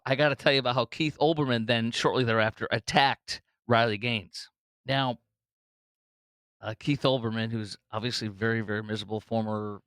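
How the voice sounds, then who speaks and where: A middle-aged podcast host delivers a political commentary monologue on his own show, effusive and emotional, breaking into laughter and stumbling through restarts and repeated words. His smooth, resonant voice sits at a middle pitch with a fairly bright tone. The sound is dry and close, with no echo.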